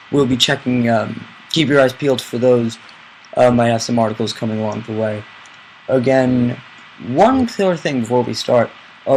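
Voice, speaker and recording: A man's voice: mid-range voice, slight background noise, rough recording. A man hosting a casual sports chat podcast, loosely steering the talk and running through plugs between jokes. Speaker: podcast host.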